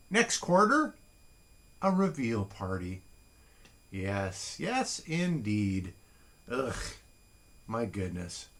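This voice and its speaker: A man reads listeners' haiku aloud at an unhurried, deliberate pace, with wry, chatty asides between the poems. His pitch moves widely up and down, rising high and dropping low. He talks from his desk at home during a relaxed morning livestream. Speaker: host reading listeners' haiku. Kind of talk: casual morning livestream chat.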